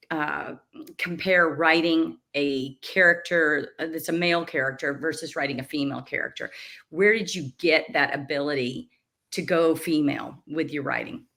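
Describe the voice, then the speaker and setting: Bright, lively woman host. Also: deep voice. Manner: enthusiastic, laughs often. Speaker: podcast host. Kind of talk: casual interview chat.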